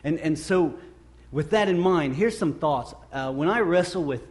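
Earnest man preaching, slightly high voice. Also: animated, moderate pace. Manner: earnest and conversational, repeats phrases for emphasis. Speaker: pastor. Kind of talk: sermon.

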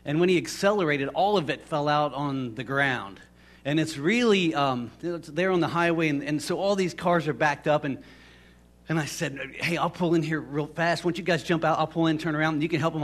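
Man, pastor, slightly high voice, chatty rambling sermon, lots of restarts. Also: fairly bright tone. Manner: rambling, conversational with many restarts and fillers. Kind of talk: casual storytelling sermon.

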